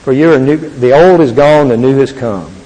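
An older man giving an earnest, halting Christian testimony to an audience. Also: medium pitch, warm tone. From Texas. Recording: long reverb of a large hall.

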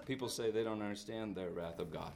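A man in his fifties preaching a sermon and telling stories, swinging between loud outbursts and soft drops. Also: fairly low pitch, fast talker, creaky, a crowd in the background. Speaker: pastor.

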